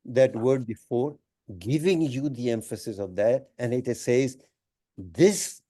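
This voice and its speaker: Mellow-voiced man teaching a scripture class. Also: medium pitch. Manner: measured, deliberate, with many pauses and emphatic phrases. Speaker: teacher of a Quran study class. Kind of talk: lecture explaining Arabic grammar of scripture. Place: Islamic center.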